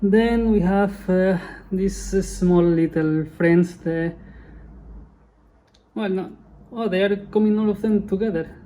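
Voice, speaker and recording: A woman's voice: mid-range voice, slow, mellow. A woman hosting her channel, giving casual unboxing commentary in a chatty way and often correcting herself. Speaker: channel host.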